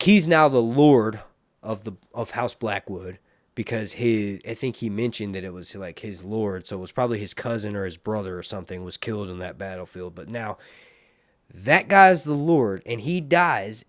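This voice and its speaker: A man hosting a casual livestream, rambling and animated, with muttered asides to himself. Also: medium pitch, no room sound, clean studio sound. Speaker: livestream host reviewing a TV series.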